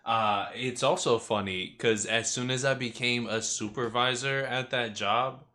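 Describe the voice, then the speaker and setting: A young man co-hosting a podcast, chatting slowly and reflectively. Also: mid-range voice, steady tone, pushed and bright. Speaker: podcast co-host. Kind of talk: casual chat.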